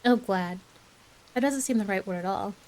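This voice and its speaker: A woman's voice: mid-range voice, normal speed, darkish tone, close to an everyday voice, poor audio. A woman doing a breathless, gushing orphan girl. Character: eager, dreamy orphan girl, excitable and talkative. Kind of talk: soft ASMR bedtime story reading.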